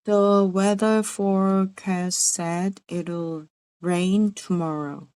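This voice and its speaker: Korean-accented woman, slow, halting repetitions, pronunciation practice, dry close sound. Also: lowish voice, steady tone, darkish tone, smooth, no room sound. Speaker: English teacher acting as a beginner learner.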